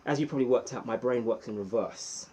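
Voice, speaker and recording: A man hosting a casual live stream, chatty and greeting viewers by name with bursts of excitement. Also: medium pitch, fast talker, a little hiss or hum, poor audio. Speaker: livestream host.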